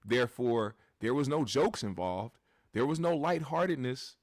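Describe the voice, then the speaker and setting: A man's voice: medium pitch, animated, moderate pace, a little mellow, dry recording, studio quality. A man hosting a commentary show, talking bluntly and with plenty of profanity straight to his live chat audience.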